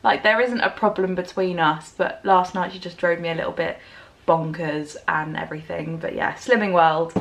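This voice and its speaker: A woman's voice: medium pitch, fairly bright tone, slight background noise. A young woman, chatting candidly to camera in a vlog. She rambles and vents in an exasperated way. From England. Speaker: vlogger. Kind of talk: casual chat to camera.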